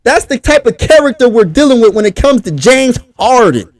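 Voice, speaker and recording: Hyped philly dude hosting a live sports chat, high voice, dry close sound. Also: male voice, big pitch swings, normal speed, no room sound. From Pennsylvania. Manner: hyped, talks straight to the chat. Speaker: sports talk host. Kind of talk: casual livestream sports talk.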